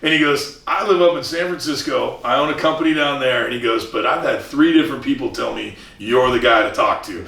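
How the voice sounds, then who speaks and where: This earnest interview guest, a commercial real estate broker from Southern California, chats casually, restarting often and performing the voices of people he quotes. His mid-range voice is fairly quick, creaky, bright and forceful, with hardly any pauses. The sound is roomy and the mic distant.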